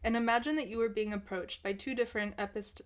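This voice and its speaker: A woman's voice: on the high side, steady tone, fast. Chatty young woman vlogging at a desk mic. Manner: chatty, self-deprecating, fillers and laughs. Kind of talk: rambling casual vlog chat. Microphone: desk mic with headphones.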